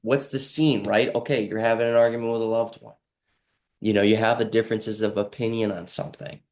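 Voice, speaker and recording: A man's voice: lowish voice, little pitch movement, a little fast, darkish tone. Brief: male healer-host, earnest and meandering, talks straight to camera, acts out quoted lines himself. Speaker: healing practitioner and host. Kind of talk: casual motivational monologue.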